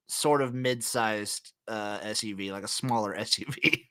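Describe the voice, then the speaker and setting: A man's voice: lowish voice, unhurried, hardly any pauses, pushed and bright. A man hosting a casual podcast, trading loose, swearing jokes with his co-host. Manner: joking, swearing, loose banter. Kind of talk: casual chat.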